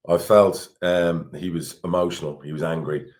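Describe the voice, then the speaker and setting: A man's voice: low-pitched, steady tone, normal speed, darkish tone. A middle-aged Irish man, a football club chairman, talking candidly on a podcast, blunt and swearing freely. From Ireland. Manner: blunt, swears freely, repeats words when worked up.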